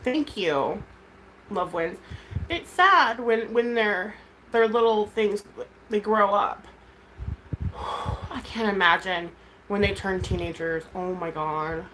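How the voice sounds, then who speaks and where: Candid rambling mom on a livestream. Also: female voice, mid-range voice, slow pace, sharp tone, a little hiss or hum, low-quality recording. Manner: rambling, candid, swears freely. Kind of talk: casual livestream chat.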